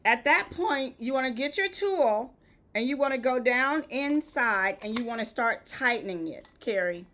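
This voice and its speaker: Woman, Southern US accent, host of a live craft demo; high, bright, patient and instructive. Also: lively intonation, moderate pace, slight background noise. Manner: step-by-step instructive, checks in with "okay?". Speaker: event decor host. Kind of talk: live-stream how-to demo.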